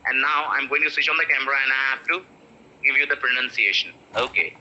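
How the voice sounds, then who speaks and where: A man in his thirties with an Indian English accent, teaching pronunciation in an online class and repeating each word slowly. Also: mid-range voice, pushed and bright. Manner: repeats words slowly for drills, mixes in Hindi. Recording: dull lo-fi online-class audio.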